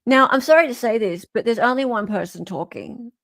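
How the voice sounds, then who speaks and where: An Australian woman hosting a casual commentary show, chatty and animated, with the odd swear word thrown in. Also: a little high, a little fast, no echo, clean studio sound. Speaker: host.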